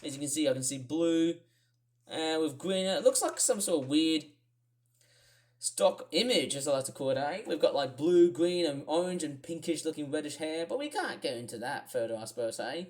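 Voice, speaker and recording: A woman's voice: sits low, expressive, moderate pace, darkish tone. A woman with an Australian accent, rambling through casual weather commentary on her own channel with lots of fillers and asides. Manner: rambling, thinking aloud with many fillers. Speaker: weather vlogger.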